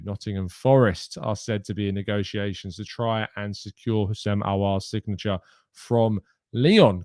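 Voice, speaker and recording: A man's voice: fairly low pitch, dry recording, studio quality. A man hosting a live show, chatting casually, reading out and answering viewers' questions. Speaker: host. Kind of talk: casual chat.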